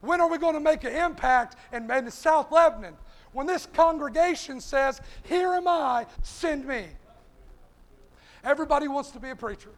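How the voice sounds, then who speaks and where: A man's voice: very high voice, normal speed. A man preaching an impassioned sermon, starting almost every phrase with "hey.". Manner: impassioned, repeats "hey" constantly. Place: church sanctuary. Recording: long hall reverb.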